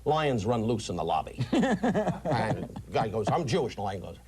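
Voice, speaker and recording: A man in his sixties, a comedian guest on a talk show, firing off rapid teasing wisecracks and insult jokes. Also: mid-range voice, wildly swooping pitch. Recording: old tape, faint hiss.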